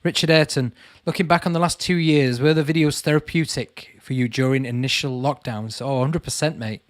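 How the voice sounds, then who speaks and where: This is a chatty man hosting a casual livestream, answering live chat by reading comments aloud and addressing viewers as "mate." His medium-pitched voice is brisk with fairly even intonation, captured in clean studio sound without any room sound.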